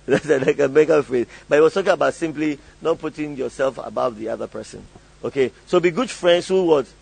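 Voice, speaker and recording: A man's voice: on the high side, brisk, gravelly, darkish tone, breathy edge, low-quality recording. A male pastor preaching a sermon, calling on the congregation to fill in and repeat lines, often laughing. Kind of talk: call-and-response sermon.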